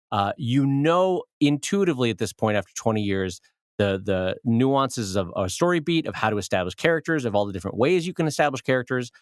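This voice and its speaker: Animated, teasing man co-hosting a podcast. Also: mid-range voice, dry recording, clean studio sound. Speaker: podcast co-host. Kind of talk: casual chat.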